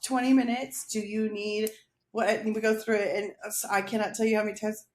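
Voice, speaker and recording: A woman's voice: medium pitch, little pitch movement, brisk. A woman who works in a school, chatting casually on a podcast in a reflective way and often humming agreement. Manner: warm, reflective, frequent affirming hums. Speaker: school counselor. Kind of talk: casual chat. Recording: echoey room with faint noise.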